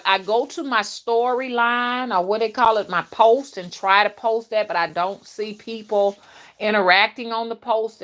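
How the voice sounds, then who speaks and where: A middle-aged woman chatting casually on a live stream, folksy and warm with her viewers, reading out their comments and calling them y'all and honey. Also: medium pitch. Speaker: spiritual rootworker hosting a live stream.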